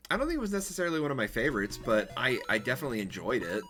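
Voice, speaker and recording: A man's voice: mid-range voice, sing-song, racing, sharp tone, husky, faint music behind. A male streamer chatting casually and rambling while he plays a golf game. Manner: rambling, chatty, self-correcting. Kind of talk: casual chat while gaming.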